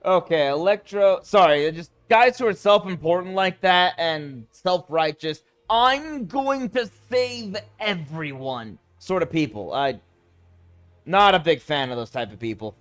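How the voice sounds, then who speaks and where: A man streaming a city-building game, talking casually and mocking the characters and game mechanics in an animated, sarcastic way. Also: on the high side, normal speed, clean tone, faint music behind. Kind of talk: casual let's-play commentary.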